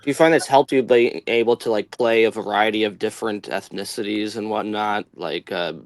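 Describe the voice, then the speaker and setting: A man co-hosting a casual interview, asking the guest relaxed, rambling questions. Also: lowish voice, a little fast, no room sound.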